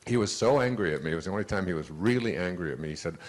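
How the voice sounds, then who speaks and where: A man giving a motivational talk, telling personal stories in an animated way, acting out the voices he quotes, with many restarts. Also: low-pitched, rapid-fire. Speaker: motivational speaker.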